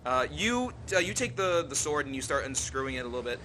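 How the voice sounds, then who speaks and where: A man's voice: medium pitch, very animated, fast talker, pushed and bright, a little hiss or hum. A young man casually narrating a tabletop game as game master, with many fillers and mouthed sound effects.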